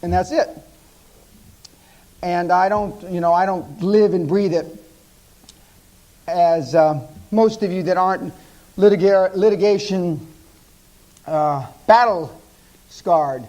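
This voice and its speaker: A man's voice: sits high, takes it slowly, pauses often, dark tone, low-quality recording. An American man in his fifties giving a live seminar talk, telling brash stories laced with profanity. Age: 50s. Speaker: seminar speaker.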